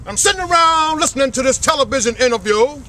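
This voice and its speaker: High, bright-voiced man preaching outdoors. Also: animated, fast talker, slight background noise. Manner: preacher-like call and response. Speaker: speaker at a flag ceremony. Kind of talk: impassioned public speech. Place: outdoors at a cemetery ceremony.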